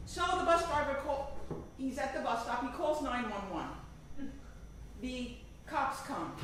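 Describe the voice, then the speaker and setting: High-voiced woman telling a stand-up story. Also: heavy reverb, far from the mic, slight background noise, poor audio. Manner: animated, dramatic storytelling. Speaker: stand-up comedian.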